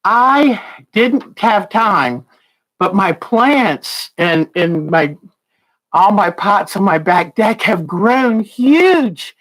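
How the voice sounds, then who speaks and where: A woman's voice: mid-range voice, lively intonation, extremely slow, low-quality recording. A woman hosting a casual quilting livestream, chatting and greeting viewers by name. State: out of breath.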